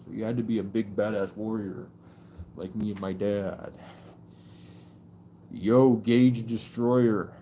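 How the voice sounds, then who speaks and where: Outdoors at night, a man on the low side of pitch chats with livestream viewers at a moderate pace in a flat, warm voice, over slight background noise. His rambling lurches from mystical reflection to mock-furious, profane outbursts.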